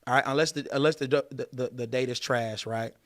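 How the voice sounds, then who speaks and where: A man's voice: mid-range voice, steady tone, fairly quick, no echo, clean studio sound. A man hosting a podcast, giving dating advice in an emphatic, preachy way and repeating his points for force. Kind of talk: casual podcast talk.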